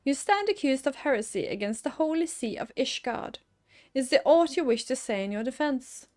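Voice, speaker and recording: A woman's voice: high voice, animated, normal speed, a little mellow, pitched above the performer's own voice. A woman voicing a cold, stern male inquisitor in a fantasy game, solemn and accusing.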